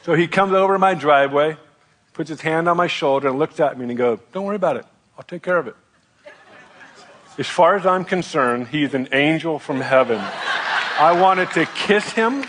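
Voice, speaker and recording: A middle-aged man, a pastor, telling a personal story in a sermon with a candid, self-deprecating, animated manner. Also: a little high, moderate pace.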